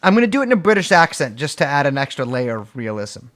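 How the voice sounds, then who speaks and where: A man's voice: fairly high pitch, sing-song, fast, fairly bright tone. A man co-hosting a podcast, talking casually with a sardonic, swearing edge. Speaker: podcast co-host.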